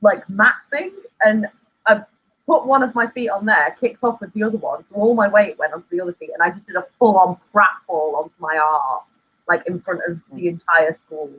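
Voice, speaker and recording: An English man with a high, husky voice tells a story in halting bits. The sound is dull and lo-fi, with the top end rolled off. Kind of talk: casual chat.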